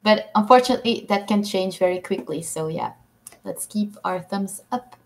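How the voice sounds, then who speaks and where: A woman's voice: medium pitch, normal speed, creaky, a little hiss or hum. A woman hosting a casual livestream, reading viewers' comments aloud and answering them with frequent ums and little laughs. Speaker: livestream host.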